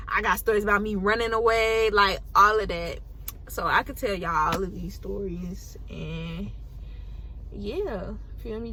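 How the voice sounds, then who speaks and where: An eighteen-year-old woman vlogger telling a casual storytime, animated and full of slang and swearing. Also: mid-range voice, slight background noise.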